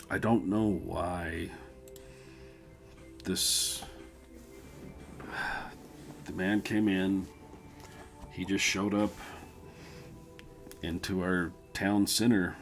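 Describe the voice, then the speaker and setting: Nervous drunk young villager, low and slow, mumbling, as a game master voices him. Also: male voice, fairly even intonation, faint music behind, full character voice.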